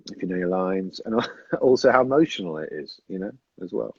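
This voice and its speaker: A man's voice: sits low, fairly quick, a little mellow, husky, no room sound. A man, an actor, chatting casually on a phone livestream, rambling and hesitant as he answers fan questions. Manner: rambling, hesitant, self-interrupting. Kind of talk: casual live-stream chat. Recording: dull lo-fi phone audio.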